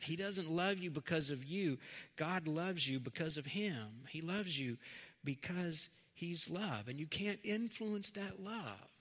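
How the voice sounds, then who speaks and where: A middle-aged man preaching a sermon, earnest, moving between quiet, slow stretches and emphatic lines. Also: a little high. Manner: earnest, swings from soft to emphatic. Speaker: pastor. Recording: long hall reverb.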